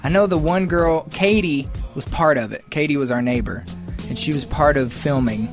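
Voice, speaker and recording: A man's voice: a little high, moderate pace, over music. A young man with a Southern US accent, hosting a radio show and telling stories in a casual, jokey way. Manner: storytelling, jokey, animated quoting. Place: radio studio.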